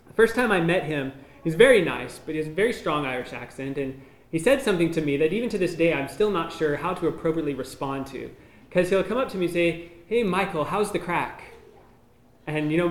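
A missionary man giving an informal slideshow talk, explaining each photo in a relaxed, conversational way. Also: on the high side. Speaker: missionary presenting to a church. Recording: echoey room.

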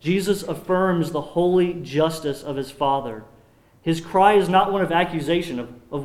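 A man preaching a sermon as pastor, earnest and measured, often dropping his voice low on solemn points. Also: a little mellow. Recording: roomy echo.

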